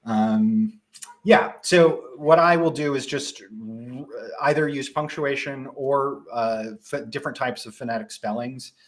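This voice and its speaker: A young man with a Midwestern accent, casually presenting a live software tutorial with frequent ums and restarts. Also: medium pitch, measured pace. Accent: Midwestern American.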